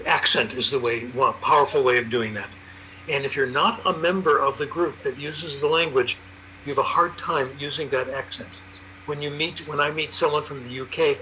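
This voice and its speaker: Bright-voiced older man telling stories. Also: mid-range voice, a little hiss or hum, rough recording. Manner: anecdotal, lively storyteller. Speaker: panelist, language researcher. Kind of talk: conversational explanation.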